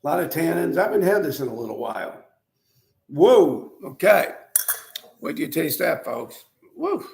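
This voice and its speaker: An older man hosts his own wine show, chatting loosely and circling back with fillers and false starts. His voice sits slightly high for a man. The sound is roomy, with a clear echo off the walls. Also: sing-song, moderate pace, pauses often, darkish tone. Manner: rambling with many fillers and restarts. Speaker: winery owner and show host. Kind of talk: casual storytelling and wine tasting. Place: indoors at his winery.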